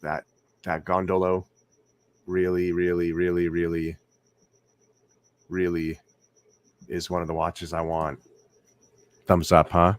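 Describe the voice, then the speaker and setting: A man with a very low voice hosts a casual late-night livestream from home. He rambles, repeats himself and keeps asking his viewers whether they agree. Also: monotone, takes it slowly, long pauses. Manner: rambling, repeats words, asks viewers questions. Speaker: livestream host.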